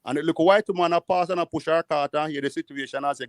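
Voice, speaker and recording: A Jamaican man telling rambling, animated stories in patois during a casual panel chat. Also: on the high side, racing, hardly any pauses, dry recording, studio quality. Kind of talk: casual storytelling. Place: living in the United States.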